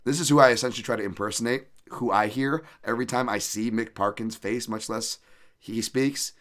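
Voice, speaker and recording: A man's voice: mid-range voice, fairly even intonation, brisk, a bit bright. A man hosting a podcast, talking in a rambling, profane, self-deprecating way. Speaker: podcast host. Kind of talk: casual podcast monologue.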